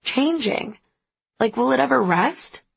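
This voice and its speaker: A woman voicing an eager, uncertain young woman in an audiobook, tentative and questioning, with a husky, gravelly voice. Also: high voice, lively intonation, slow pace, no room sound, voice pushed up, full character voice. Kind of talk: audiobook character voice.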